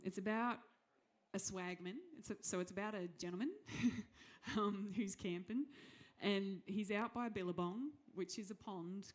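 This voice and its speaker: A young Australian woman talking to a live audience between songs, chatty and giggly with many ums. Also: mid-range voice. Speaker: singer and performer leading a crowd. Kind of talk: casual stage banter with an audience.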